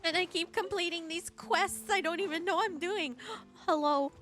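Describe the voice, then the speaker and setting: High, gushing woman streaming a game. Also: normal speed, a bit bright, faint music behind. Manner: gushing and giggly, talks to chat. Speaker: VTuber streamer. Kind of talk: casual gaming stream chat.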